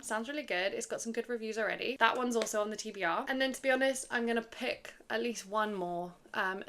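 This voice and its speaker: A woman's voice: medium pitch, a bit bright. Casting: woman, book vlogger, casual rambling chat to camera, easy laughs. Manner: chatty, rambling, with fillers and little laughs. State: slightly out of breath.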